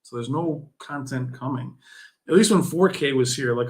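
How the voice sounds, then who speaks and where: A man hosting a casual community livestream chat, excitable and jokey, often laughing and teasing his viewers. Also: medium pitch, moderate pace. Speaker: livestream host.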